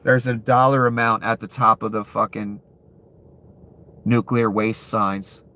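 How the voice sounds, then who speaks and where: A man's voice: fairly low pitch, fairly even intonation, unhurried, sharp tone. A man giving ranting commentary, profane and incredulous, laughing between outbursts. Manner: profane, incredulous, calls the listener "son".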